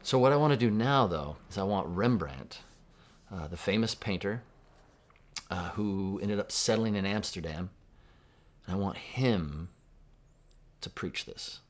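A deep-voiced man preaching a sermon. He talks in a conversational way and asks his congregation questions as he goes. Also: lively intonation, unhurried, pauses often. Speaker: pastor.

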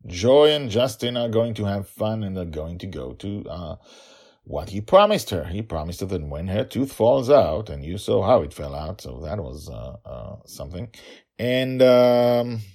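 A male podcast host chatting excitedly and then narrating a fantasy story, often repeating words for emphasis. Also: lowish voice, unhurried.

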